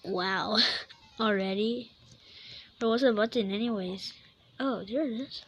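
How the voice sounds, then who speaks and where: A young woman giving excitable gameplay commentary, gasping and exclaiming at what happens in the game. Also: fairly high pitch, unhurried, slight background noise, low-quality recording. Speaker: gaming YouTuber.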